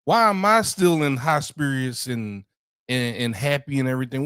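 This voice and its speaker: A man's voice: medium pitch, normal speed, fairly bright tone, clear, resonant tone, no echo, clean studio sound. A man co-hosting a casual sports talk show, playful and upbeat, stammering now and then. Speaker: co-host.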